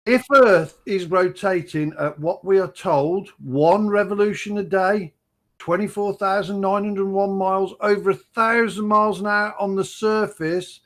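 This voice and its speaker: A man on an online debate panel, laying out his argument in a slow, deliberate way. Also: high-pitched, fairly even intonation, fairly bright tone.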